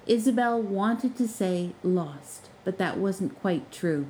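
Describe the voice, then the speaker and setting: A woman narrating a fiction podcast in an expressive, measured storytelling voice. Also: fairly low pitch, slight background noise, low-quality recording.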